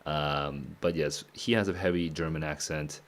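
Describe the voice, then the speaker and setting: A man reading a novel aloud and reacting to it, thinking out loud and often chuckling. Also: a bass voice, steady tone, normal speed. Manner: musing aloud, frequent chuckles. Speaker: book club streamer.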